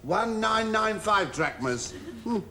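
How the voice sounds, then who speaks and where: A man's voice: high voice, expressive, takes it slowly. A middle-aged actor playing a put-upon male household slave in a studio sitcom, full of camp, self-pitying asides and mock outrage. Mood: wry. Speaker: lead comic actor in a sitcom. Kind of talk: 1970s studio sitcom acting with audience asides. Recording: noisy old TV studio tape with audience laughter.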